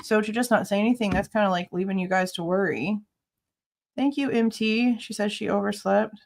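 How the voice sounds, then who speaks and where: A woman's voice: medium pitch, fairly quick, creaky, a little mellow. A woman hosting a casual livestream, chatting with viewers and greeting them by name, laughing often. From Ohio. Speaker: livestream host.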